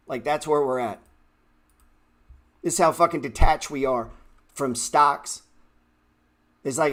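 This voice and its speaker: A man's voice: a little high, moderate pace, sharp tone. A man hosting a trading livestream, ranting bluntly and swearing heatedly from his computer. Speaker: trading show host.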